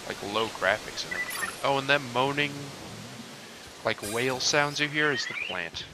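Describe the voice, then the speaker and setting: A young man casually commentating over a game he is playing, rambling offhand with lots of fillers and casual swearing, hiccuping and clearing his throat now and then. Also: medium pitch, lively intonation, normal speed, noisy background. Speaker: gaming channel host.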